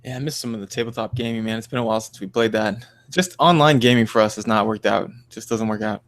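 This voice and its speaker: A man's voice: lowish voice, fast talker, no room sound. Chill guy on a podcast, jokey, trails off a lot, dry close mic. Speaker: podcast co-host. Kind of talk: casual chat.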